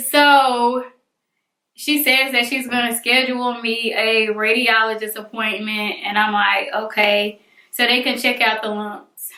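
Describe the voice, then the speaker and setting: Young woman vlogger, bright and slightly high, dramatic storyteller; echoey room. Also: measured pace. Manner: animated, dramatic retelling with acted-out voices. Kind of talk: storytelling vlog.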